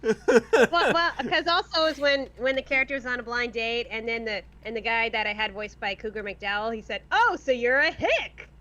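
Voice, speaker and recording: A woman artist in casual chat, talking in halting restarts and acting out quoted voices. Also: fairly high pitch, steady tone, a bit bright, a little hiss or hum. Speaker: artist and fan voice dubber. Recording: dull lo-fi call audio.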